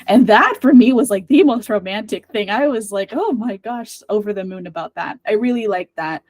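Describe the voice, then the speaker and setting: A woman's voice: mid-range voice, fairly quick, darkish tone. A woman guesting on a book club podcast, bubbly and hesitant, with many fillers. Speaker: guest co-host. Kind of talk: casual book club chat.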